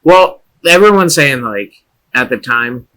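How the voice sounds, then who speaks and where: A young man co-hosting a podcast in casual chat, laid-back and quick to laugh. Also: medium pitch, animated, sharp tone, poor audio. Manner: laid-back, laughs easily, drawls "dude". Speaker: podcast co-host.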